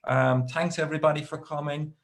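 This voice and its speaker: A man's voice: on the high side, fairly even intonation, a little fast. An Irish man in his thirties doing a stand-up comedy set, rambling through stories with dry asides.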